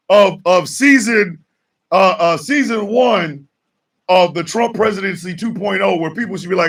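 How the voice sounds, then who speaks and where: A man hosting a morning show, ranting in a fired-up monologue with shouted mock call-outs, his voice a bit off-mic. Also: high-pitched, a little slow, gravelly, far from the mic.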